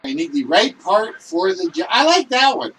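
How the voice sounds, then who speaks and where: Excitable high-voiced man hosting a game show. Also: moderate pace, recorded from a distance, slight background noise, poor audio. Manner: loud, excitable and chatty.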